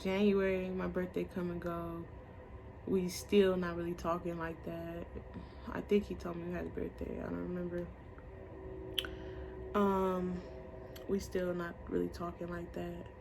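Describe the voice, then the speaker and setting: A young woman gives a casual storytime vlog in a medium-pitched, gravelly voice. She is blunt and profane and acts out the voices of the people she quotes. A faint hiss of noise sits behind her. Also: level tone, slow pace, long pauses.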